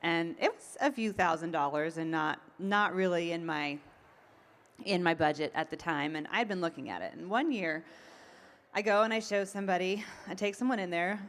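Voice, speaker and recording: A woman's voice: on the low side, moderate pace. A woman being interviewed, telling stories in a chatty way with frequent ums and laughs. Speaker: event organizer. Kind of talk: casual interview.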